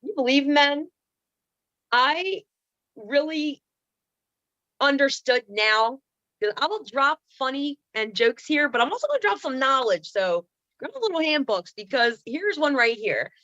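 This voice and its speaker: A woman in her thirties tells funny, self-mocking stories over a video call, full of sassy playful asides. Her voice sits high and bright, leaping up and down in pitch. The sound is dry and a little dull, like a laptop mic. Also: big pitch swings, measured pace, dry recording. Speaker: comedian and speaker. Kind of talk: comedic storytelling on a video call. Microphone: computer mic on a video call.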